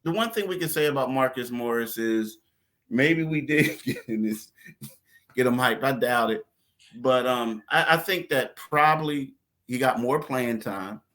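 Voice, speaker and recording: A man's voice: mid-range voice, a little slow. A man co-hosting a sports podcast, telling a story with lots of laughs and acting out other people's voices. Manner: animated storyteller, acts out voices and laughs often. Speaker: podcast co-host. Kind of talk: casual sports chat.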